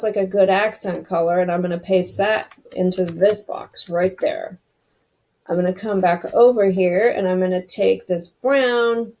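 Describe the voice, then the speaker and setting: A woman's voice: mid-range voice, dark tone. A woman hosting a casual screen-recorded web design tutorial, chatty and thinking aloud as she clicks through each step.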